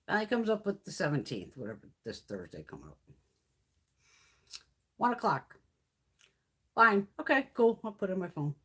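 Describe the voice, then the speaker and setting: A woman's voice: mid-range voice, sing-song, normal speed, pauses often, a bit bright, slightly rough. A middle-aged woman hosting a beauty livestream, telling a heated story full of swearing and acting out her own replies. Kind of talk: casual livestream chit-chat.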